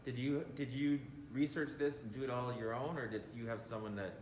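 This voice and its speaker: A man's voice: mid-range voice, steady tone, brisk. A man interviewing a plant grower, encouraging him with short agreements and questions. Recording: roomy with faint background noise.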